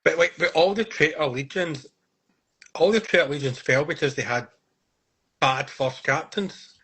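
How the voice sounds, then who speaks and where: Bright, husky Scottish man. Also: on the high side, moderate pace, low-quality recording. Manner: jokey, teasing, swears. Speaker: podcast co-host. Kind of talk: casual podcast chat.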